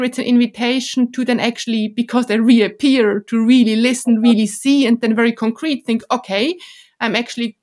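A woman hosting a podcast interview, speaking in halting phrases and humming along as she listens. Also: a little high. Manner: frequent affirming hums, halting phrasing. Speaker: podcast host.

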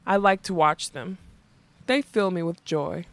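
A woman's voice: lowish voice, a little slow, dry recording. A woman reading as a mad old king. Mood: rapt. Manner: soft and menacing, turning fierce and childlike. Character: old mad grim male king, cold and possessive.

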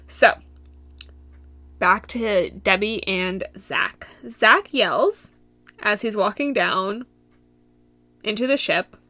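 A woman's voice: medium pitch, fairly bright tone, no echo. A young woman from Michigan hosting a solo podcast, recapping a show in a giggly, rambling way that drifts into tangents. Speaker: podcast host.

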